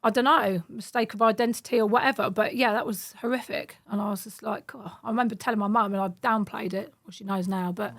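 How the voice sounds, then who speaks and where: A woman in her thirties, a podcast guest, telling stories in a casual, animated way and acting out the voices in them. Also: medium pitch, fast, gravelly, few pauses. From United Kingdom. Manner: animated, acts out quoted voices. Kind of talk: casual storytelling.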